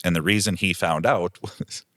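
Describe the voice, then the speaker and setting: A man's voice: low voice, fairly even intonation, moderate pace, fairly bright tone, no room sound, clean studio sound. A man, a property manager guest on an interview show, telling a long anecdote in a rambling way, full of "um" and "like". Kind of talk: casual interview storytelling.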